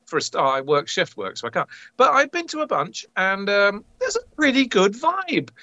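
Animated English man, sharp bright voice, playful, dry sound. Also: moderate pace, no room sound, muffled recording. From England. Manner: animated, playful, teasing, pitch leaping up. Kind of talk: casual chat.

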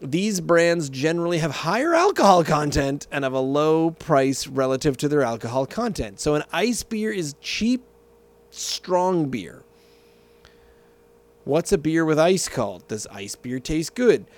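Man, casual vlog chatter, rambling, tangents, self-corrections, somewhat high, lively pitch. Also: measured pace. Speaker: vlogger. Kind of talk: casual storytelling and beer tasting.

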